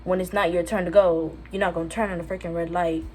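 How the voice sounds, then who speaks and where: A woman's voice: on the low side, quick pace, a little hiss or hum. A teenage girl from Jamaica telling a casual storytime on her channel, chatty with lots of fillers. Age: teens. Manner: chatty, lots of fillers, quotes others in lively voices. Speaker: vlogger. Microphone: phone camera.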